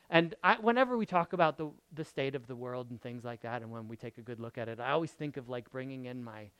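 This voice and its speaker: A man preaching a sermon in a lively, conversational way, reading scripture aloud and asking the congregation rhetorical questions. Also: high voice, clear, resonant tone, dry recording. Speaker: pastor.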